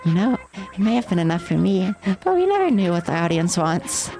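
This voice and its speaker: A woman's voice: lowish voice, sing-song, brisk, warm tone, soft background music, poor audio. A woman voicing a gleeful, sadistic female TV game show host in a mocking, theatrical way. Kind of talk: voicing game dialogue on stream.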